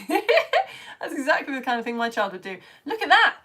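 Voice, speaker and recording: A cheerful woman with a fairly high voice chats into her phone during a live stream for home-schooled children. She greets viewers by name, exclaims over their pictures and jokes as she scrolls through the comments. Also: very animated, normal speed, sharp tone. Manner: bubbly, chatty, exclaiming names. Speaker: children's science teacher.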